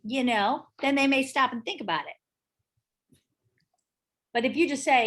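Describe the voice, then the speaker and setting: Brisk, emphatic woman teaching a class. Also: high-pitched, a bit bright. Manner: brisk, emphatic, chatty, asks the group questions. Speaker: real estate instructor. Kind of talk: casual teaching talk to a class.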